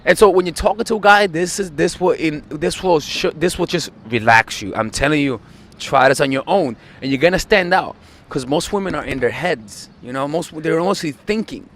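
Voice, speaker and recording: A man's voice: on the high side, normal speed. Earnest dating coach, man. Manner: repeats words often when excited; earnest, insistent delivery. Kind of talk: advice video to camera.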